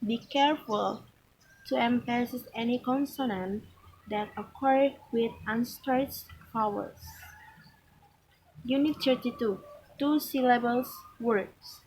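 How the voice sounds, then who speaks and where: A woman reading a pronunciation lesson aloud from a textbook, slow and careful, with restarts and small slips. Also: fairly high pitch, darkish tone, husky, poor audio. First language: Malay.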